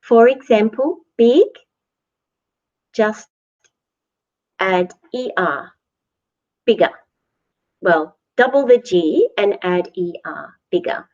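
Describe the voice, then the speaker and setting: A woman teaching English grammar at a slow, deliberate pace, from New Zealand, repeating each word clearly for learners. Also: medium pitch, animated, darkish tone. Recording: dull lo-fi recording.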